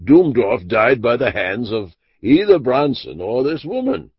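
A man voicing a blustering, excitable gentleman who talks loud and exasperated, on a dull lo-fi audiobook recording. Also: medium pitch, a little slow, husky, no echo, pitched above the performer's own voice. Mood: insistent.

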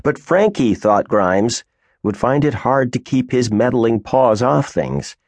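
A man narrating a science fiction audiobook in an expressive storytelling manner. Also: mid-range voice, slow pace, no echo. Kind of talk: scripted narration.

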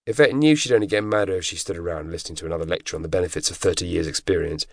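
A man narrating an audiobook in a measured, dramatic storytelling manner. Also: low voice, no room sound. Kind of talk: scripted narration. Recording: dry close studio recording.

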